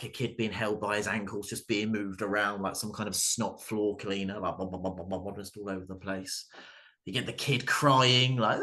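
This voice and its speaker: Man in his 30s, stand-up comic, bright forceful tone, halting delivery, dry asides. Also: lowish voice. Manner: halting, full of fillers and restarts, dry asides. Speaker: stand-up comedian. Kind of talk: stand-up comedy set.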